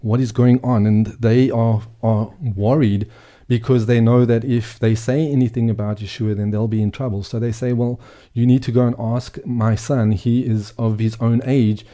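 Man teaching scripture, earnest and emphatic, really dark mellow voice. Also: medium pitch, fairly even intonation, moderate pace. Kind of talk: bible teaching.

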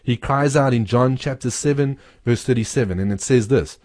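Here the co-host is a man whose mid-range voice has a darkish tone and a normal speed, recorded in studio quality without echo. As a Bible teacher on a radio-style talk show, he earnestly explains and quotes scripture, repeating key words.

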